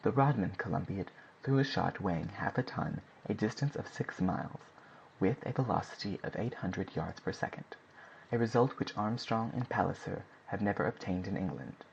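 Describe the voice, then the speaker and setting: A man's voice: fairly low pitch, moderate pace, vocal fry, a little hiss or hum. A man voicing a matter-of-fact male army general who states plain facts. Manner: plain, factual reporting. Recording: dull lo-fi recording.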